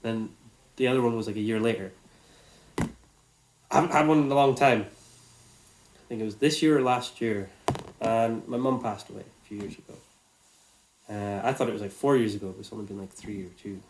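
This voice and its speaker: A man's voice: lowish voice, normal speed, long pauses, a little mellow, a little hiss or hum. Casual man telling a story. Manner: casual, swears freely, reflective and earnest. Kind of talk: personal storytelling monologue.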